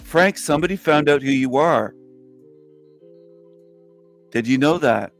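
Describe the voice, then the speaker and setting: A man calling into an online voice chat, taunting another caller in a flat, mocking, repetitive way. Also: on the high side, measured pace, faint music behind. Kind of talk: trolling taunts.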